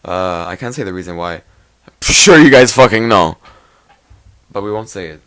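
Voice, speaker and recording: A young man hosts a casual podcast in a bright, lively voice that swings up and down. He is loud, swears freely and laughs at his own jokes. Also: on the low side, moderate pace, clear, resonant tone. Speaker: podcast host. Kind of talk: casual joking chat.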